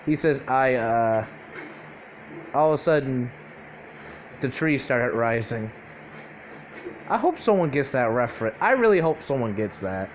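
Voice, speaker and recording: A man's voice: medium pitch, big pitch swings, moderate pace, pauses often, slight background noise. A young man casually improvising a fan-fiction story aloud, rambling and profane, full of fillers and self-corrections.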